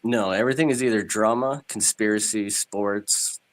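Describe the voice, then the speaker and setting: A man's voice: lowish voice, moderate pace. Stuffy-nosed man chatting bluntly. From Canada. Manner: blunt, swearing, laughs often. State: stuffed up from a cold. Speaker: stream guest. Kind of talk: casual chat.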